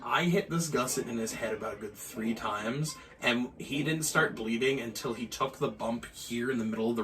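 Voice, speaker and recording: A man from Maine tells his stories in a bright, forceful voice, swearing freely and acting out every quote. He sits a little back from the mic, so the sound has some distance. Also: medium pitch. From Maine, USA. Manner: animated, profane, acts out quotes. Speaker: guest pro wrestler. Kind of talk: casual storytelling chat.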